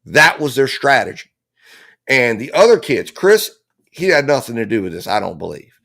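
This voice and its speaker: Hosting a true crime analysis show, a man delivers impassioned legal commentary, blunt and emphatic, cursing often and repeating phrases. His medium-pitched voice swings widely in pitch at a normal speed, with vocal fry and a slightly bright edge.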